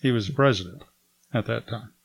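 An older man giving a testimony, a lively storyteller who acts out the dialogue. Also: medium pitch, brisk, gravelly, breathy edge. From United States.

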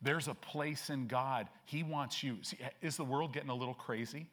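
An older man preaching a sermon in a church, in a mid-pitched voice. He talks casually through personal stories, then builds to firm, emphatic declarations. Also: moderate pace, a bit bright. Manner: conversational storytelling, rising to emphatic declarations. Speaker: pastor. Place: church sanctuary.

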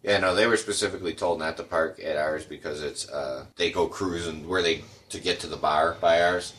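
A man's voice: low-pitched, steady tone, normal speed, a bit bright. A man co-hosting a podcast in casual chat, ranting bluntly with lots of swearing. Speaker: podcast co-host.

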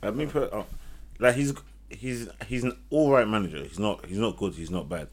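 A man's voice: fairly low pitch, normal speed. A man ranting about football on a casual podcast, heated and repetitive. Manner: heated, ranting, repeats himself. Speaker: podcast co-host.

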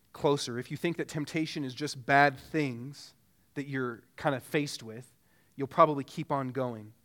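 A man's voice: on the high side, a bit bright. A man preaching a sermon as pastor, earnest and pressing with repeated rhetorical questions.

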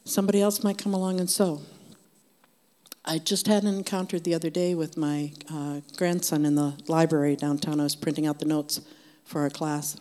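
An older woman with a low voice shares a faith testimony with her church group. She tells it earnestly and conversationally, with the long reverb of a large hall behind her words. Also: little pitch movement, normal speed, dark tone. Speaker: member of a church group sharing.

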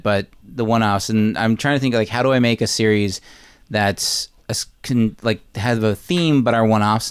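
A man's voice: lowish voice, smooth. A man hosting a podcast in casual chat, rambling with fillers and restarts. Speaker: podcast host.

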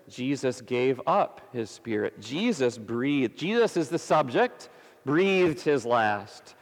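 A man preaching a sermon as a pastor, slow and emphatic with long pauses, his voice slightly gravelly. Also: mid-range voice, long reverb tail.

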